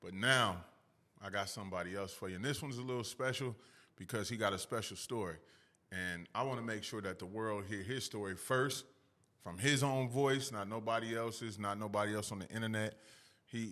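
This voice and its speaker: A man's voice: on the low side, bright, forceful tone. A man hosting a casual podcast interview, talking in an upbeat, hyped, slangy way. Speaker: podcast host.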